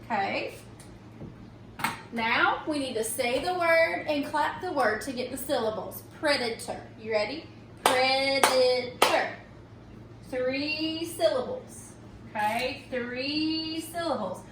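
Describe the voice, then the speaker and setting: A woman teacher slowly and patiently walking children through a recorded phonics lesson, often checking in with "okay?". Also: sits high, expressive, very noisy. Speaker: reading teacher. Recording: echoey room, mic at a distance.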